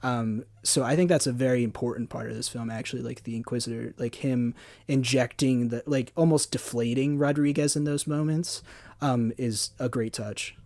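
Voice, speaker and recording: A man's voice: mid-range voice, steady tone, moderate pace, a little mellow, dry recording. A man co-hosting a film podcast, talking loosely and chattily about a movie. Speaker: podcast co-host. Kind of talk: casual film discussion.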